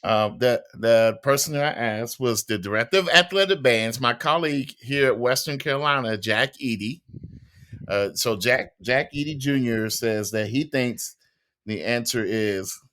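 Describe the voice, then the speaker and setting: Bright, hesitant male band educator. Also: mid-range voice, moderate pace. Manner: hesitant, restarts often while thinking aloud. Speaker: podcast co-host, band educator. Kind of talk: casual podcast chat.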